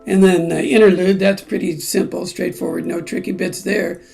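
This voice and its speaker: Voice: mid-range voice, flat delivery, normal speed, vocal fry, a little mellow, faint music behind. A ukulele group teacher explaining song timing step by step and breaking into snippets of the lyrics. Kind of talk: song-by-song music lesson.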